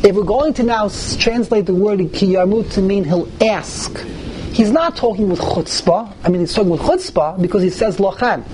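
Guy teaching a text class, lively, throws in hebrew and yiddish words, voice jumps way up to stress stuff. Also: moderate pace, slight background noise, low-quality recording. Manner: animated, pitch leaps when stressing points; mixes Hebrew and Yiddish terms into English. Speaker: Torah teacher. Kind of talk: text-study class lecture.

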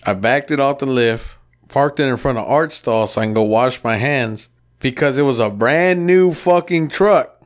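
A man's voice: mid-range voice, moderate pace. A man in his thirties, co-hosting a podcast, telling crude garage stories in casual chat and acting out the quotes. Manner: profane, rowdy storytelling with acted-out quotes. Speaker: podcast co-host.

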